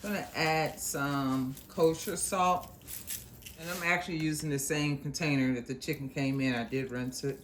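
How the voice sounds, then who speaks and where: A woman with a deep voice walks through a recipe step by step in a relaxed, homey way, calling her viewers y'all. Her kitchen carries a faint hum with boiling behind her. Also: normal speed. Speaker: cooking show host. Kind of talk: casual cooking demonstration. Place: home kitchen.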